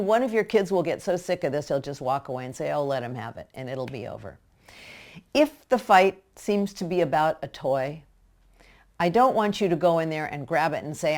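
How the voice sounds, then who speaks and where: A woman with a notably low voice speaks straight to parents. Her advice is plainly practical, and her manner is direct and instructive. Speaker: parenting educator.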